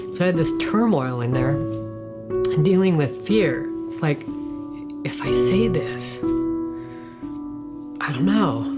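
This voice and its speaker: A woman with a deep, unhurried voice tells an emotional personal story. She pauses often and lifts her pitch on questions. Loud plucked guitar music plays behind her. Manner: halting, reflective, voice rising on questions. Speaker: interviewee.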